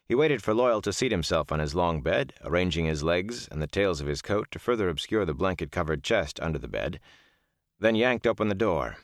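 A man narrating an audiobook chapter in an expressive storytelling manner. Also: low-pitched, a little fast, no echo, studio quality. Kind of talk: scripted narration.

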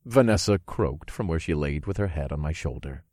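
A man narrating an audiobook in the first person, telling the story in a relaxed, smooth way. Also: rumbling low, moderate pace, dry recording, studio quality.

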